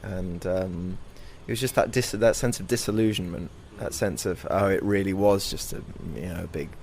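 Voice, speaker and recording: A young man answers interview questions in a low, earnest voice, thoughtful and growing animated as he recounts. Faint ambience hums behind him. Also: moderate pace, vocal fry, a little hiss or hum. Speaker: comedy performer being interviewed.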